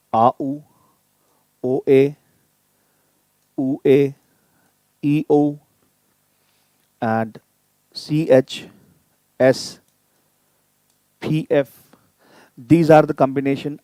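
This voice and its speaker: A man leads a live online German lesson, sounding out each vowel and consonant patiently, one at a time. His voice is mellow and unhurried, recorded dry and close with no room sound. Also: medium pitch, steady tone, no echo. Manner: repeats sounds slowly to drill pronunciation; addresses viewers directly, inviting typed questions. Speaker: German language teacher.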